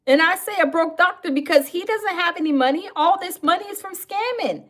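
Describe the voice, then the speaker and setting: A woman's voice: very high-pitched, lively intonation, brisk, fairly bright tone. A woman commenting on a livestream, sassy and mocking, talking straight to her viewers.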